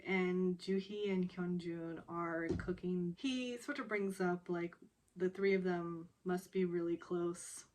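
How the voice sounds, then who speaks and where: Young woman chatting through a drama recap, slow and easygoing, giggles a lot. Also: fairly low pitch. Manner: chatty, laughs often, acts out quoted lines. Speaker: recap vlogger.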